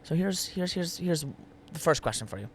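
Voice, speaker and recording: A man's voice: on the high side, lively intonation, moderate pace, slight background noise. Teasing, playful man questioner. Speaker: podcast co-host. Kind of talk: casual chat.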